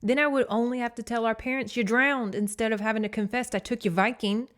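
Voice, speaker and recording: Woman doing a fed-up young viking brother, growly and scolding, loud. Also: a little high, fairly even intonation, fast talker, lightly acted. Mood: growling scold. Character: exasperated young male Viking, eldest brother.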